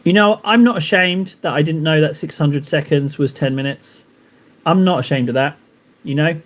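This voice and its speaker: Rambling man, slightly high voice. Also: moderate pace. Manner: rambling, joking, self-mocking. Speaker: miniature painting streamer. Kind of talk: casual live stream chat while painting.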